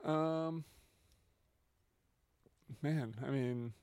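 A man's voice: on the high side, extremely slow, a little mellow, smooth, no room sound. A man co-hosting a casual podcast, laid-back and hesitant, often calling his co-host dude.

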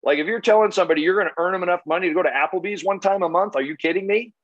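Blunt punchy man, slightly high voice. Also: very fast, no echo, muffled recording. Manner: blunt, punchy, profane, rhetorical questions. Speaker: solar sales trainer. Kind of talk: motivational sales talk.

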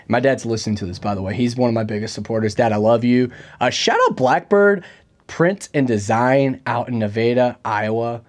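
A man's voice: mid-range voice, fairly quick. A young man hosting a casual podcast chat, joking and rambling with plenty of fillers. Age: young adult. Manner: chatty, joking, full of fillers. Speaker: podcast host.

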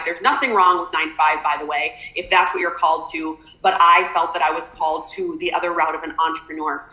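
Brief: woman guest, animated storyteller, lowish, bright voice, roomy echo. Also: fairly quick, hardly any pauses. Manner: animated, emotional, filler-heavy. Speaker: podcast guest. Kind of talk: personal storytelling.

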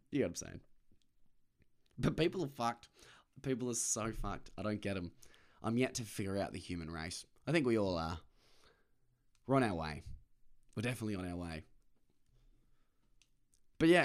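A man rambles to camera in a loose solo monologue. He swears freely, pokes fun at himself, and breaks into laughs. His voice sits on the lower side. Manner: rambling, sweary, self-mocking, laughs often. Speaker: vlogger.

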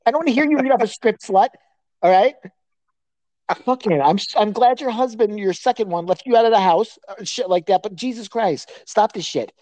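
A woman's voice: mid-range voice, fairly quick, mellow, dry recording. A woman co-hosting a podcast in casual chat, ranting crudely and laughing often. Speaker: podcast co-host.

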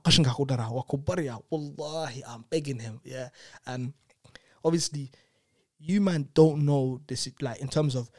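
Sprinkling his talk with "innit" and "you know what I'm saying," a young man animatedly shares a personal story as a guest in a casual chat, leaning on tag questions. His voice is on the high side, recorded with studio quality and no room sound.

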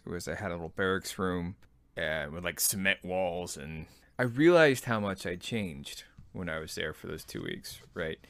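A man's voice: low-pitched, fairly bright tone, smooth, no echo. A man in his thirties telling personal army stories in a laid-back, self-deprecating, rambling way. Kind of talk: personal storytelling.

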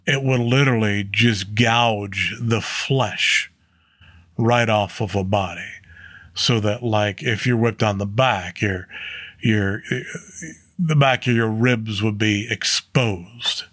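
Guy going slowly through a bible chapter, lowish voice, dry close sound, lots of uh's. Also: fairly bright tone, no echo. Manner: slow and earnest, with fillers and self-corrections. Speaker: Bible teacher. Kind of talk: casual Bible study talk.

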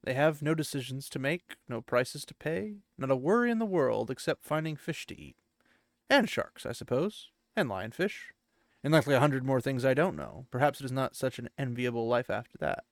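A man's voice: mid-range voice, animated, moderate pace, no room sound, studio quality, close to an everyday voice. A man voicing a weathered older male gleeman who muses wistfully in a recap reading.

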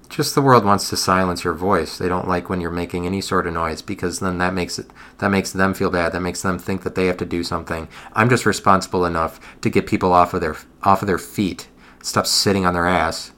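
Young guy rambling solo on his podcast, deep voice, keeps restarting and gets loud sometimes. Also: steady tone, normal speed. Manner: meandering, restarts often, gets loud when riled. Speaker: podcast host.

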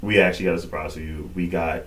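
A man's voice: low voice, fast talker. A man co-hosting a podcast, telling a weekend story in casual chat and acting out what people said. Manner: animated storytelling, acts out quotes. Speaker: podcast co-host.

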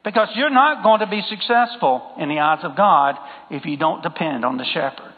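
A man's voice: on the high side, lively intonation, moderate pace, slightly rough. A man preaching a sermon in an emphatic style, repeating phrases and putting questions to the congregation. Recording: phone-like sound with long hall reverb.

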